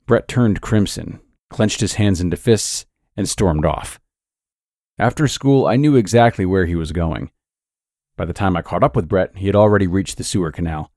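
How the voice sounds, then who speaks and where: Give me a man with a very low voice narrating a horror story, measured and dry. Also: darkish tone, no echo.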